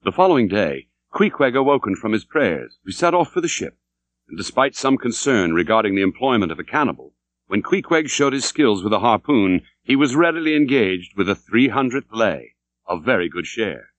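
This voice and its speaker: Man narrating with wide expressive swings. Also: lowish voice, normal speed, no echo. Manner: dramatic, expressive reading. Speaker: audiobook narrator. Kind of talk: scripted literary narration. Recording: dull dry recording.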